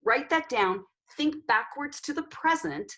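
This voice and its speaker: A woman guest counselor giving advice in an interview, coaching fathers in an animated, direct way. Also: sits high, a little slow.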